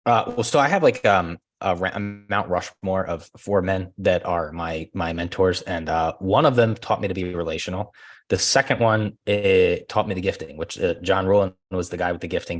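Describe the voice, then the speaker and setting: A man guest on a podcast, talking casually and laughing often, acting out conversations in lively quoted voices. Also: deep voice, normal speed. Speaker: podcast guest, real estate agent. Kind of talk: casual interview chat.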